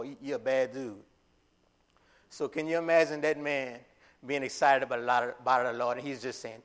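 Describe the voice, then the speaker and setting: A man with a medium-pitched voice preaches a sermon in a casual, conversational way. His delivery is full of fillers and restarts, broken up by loud, emphatic lines.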